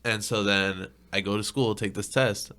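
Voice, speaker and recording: A man's voice: lowish voice, moderate pace, clean tone. A young man co-hosting a casual podcast, laid-back, reading out items and telling stories. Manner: relaxed, reads items out, laid-back "dude" talk. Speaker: podcast co-host. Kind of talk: casual chat.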